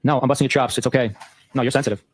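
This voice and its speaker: A man hosting a show, reading a long exchange of text messages aloud in a brisk, matter-of-fact way. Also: mid-range voice, fairly even intonation. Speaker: host.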